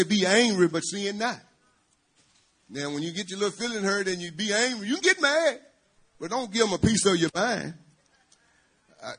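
Husky preacher man calling to his church. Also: high voice, fairly bright tone. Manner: call-and-response, calling out to the congregation. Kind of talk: church sermon.

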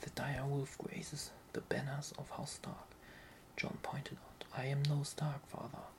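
A narrator softly whispering a fantasy novel aloud in whispered role-play, slow and even. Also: medium pitch, rough recording.

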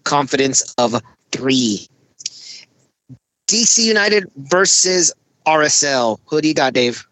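A podcast host running a casual sports prediction show, keeping things moving in a steady, businesslike way over a remote call. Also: mid-range voice, slow pace, long pauses, no room sound, rough recording.

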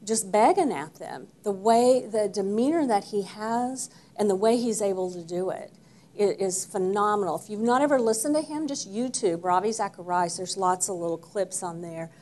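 A woman with a lilt teaches a church Bible class in a voice of ordinary pitch. She speaks with emphasis, stressing key words and asking her listeners questions as she goes. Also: lively intonation, moderate pace. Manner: warm, emphatic, asks the group questions.

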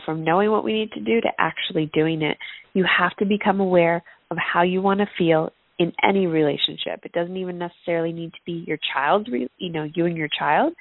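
A woman's voice: on the low side, no echo. A woman, a parenting coach, answering interview questions in an earnest, reflective way. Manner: earnest, reflective, uses personal examples. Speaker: parenting coach and podcaster, guest. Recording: tinny phone-line sound, dry.

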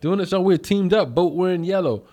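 An American man hosts a casual livestream, upbeat as he greets viewers by name and wanders off into rambling asides. His voice sits high, with a warm tone and brisk pace.

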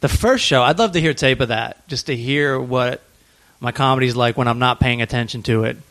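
A man hosting a podcast, telling a story in a loose, animated way, laughing often and acting out the people in it. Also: medium pitch, brisk. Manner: animated, laughing, acts out voices in stories. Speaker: podcast host. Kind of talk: casual storytelling chat.

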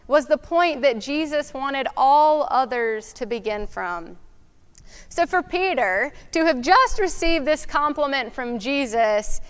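A woman preaching a sermon in a slow, reflective way, asking questions aloud. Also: sits high.

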